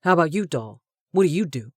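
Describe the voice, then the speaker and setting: A woman's voice: sits low, expressive, fairly quick, breathy edge, no echo, studio quality. Woman reading as a cocky young male show-off. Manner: brash, boastful.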